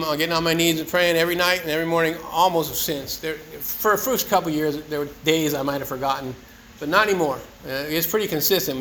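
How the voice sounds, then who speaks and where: A man shares his own recovery story at a meeting, casual and earnest with some joking. His voice is fairly high and a bit bright. The recording is rough, with a little hiss or hum.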